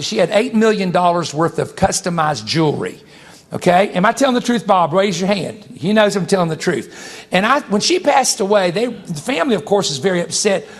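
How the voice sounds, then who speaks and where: Animated preacher man, high voice. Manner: animated, jumps to high exclamations and laughs, addresses congregation. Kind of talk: sermon.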